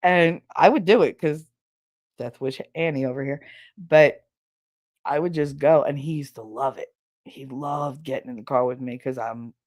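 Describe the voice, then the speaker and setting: A woman's voice: a bass voice, darkish tone, no echo, studio quality. A woman hosting a podcast, telling stories in a blunt, profane, casual way, laughing as she goes. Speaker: podcast host. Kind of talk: casual storytelling chat.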